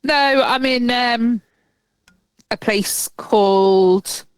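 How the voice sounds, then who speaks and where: A woman's voice: on the high side, drawn-out words, clear, resonant tone, dry recording. Chatty woman co-hosting a podcast. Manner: chatty, animated, swears freely and laughs often. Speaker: podcast co-host. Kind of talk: casual chat.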